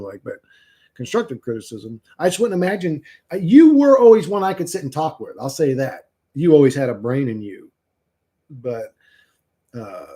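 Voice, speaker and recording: Male streamer, casual profane chatter, jokey and rambling, average pitch. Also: a little mellow, husky. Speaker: livestream host. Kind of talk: casual chat reading viewer comments.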